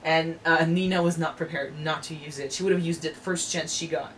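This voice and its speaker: A woman hosting an anime reaction chat, animated, swearing freely and restarting her sentences. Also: sits low, fairly quick, slight background noise, low-quality recording.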